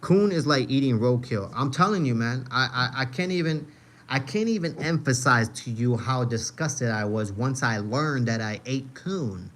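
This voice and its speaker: A man's voice: mid-range voice, expressive, moderate pace, fairly bright tone, slight background noise. A young man hosting a livestream, telling loose, profane stories and answering chat in a casual, slangy way. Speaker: livestream host.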